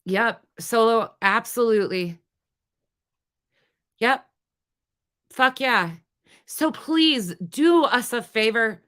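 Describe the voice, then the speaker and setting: A woman's voice: a little high, expressive, slow pace, pauses often, fairly bright tone, clear, resonant tone. A woman hosting a livestream, talking to her chat in a heated, swearing, casual way. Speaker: livestream host.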